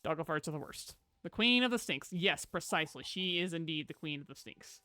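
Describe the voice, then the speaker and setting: A live streamer chatting casually and playfully over gameplay, talking to viewers and a pet and breaking into loud exclamations. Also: mid-range voice, moderate pace, clear, resonant tone, dry recording.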